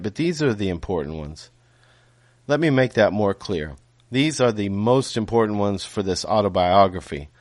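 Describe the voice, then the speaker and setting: A man reading his own novel aloud in a measured way, with small self-corrections and casual asides. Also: low-pitched, no echo.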